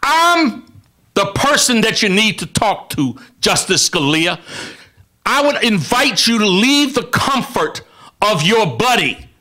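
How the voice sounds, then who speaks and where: A man's voice: high-pitched, sing-song, slow, sharp tone. A man giving an impassioned speech as a radio guest, repeatedly addressing one listener directly and building emphasis.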